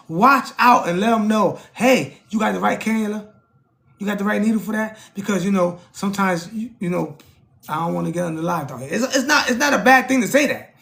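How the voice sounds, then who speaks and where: With a gravelly voice, a male streamer chats casually and animatedly with his livestream audience. "You know what I'm saying" comes up often, and he leaps higher in pitch when playing out conversations.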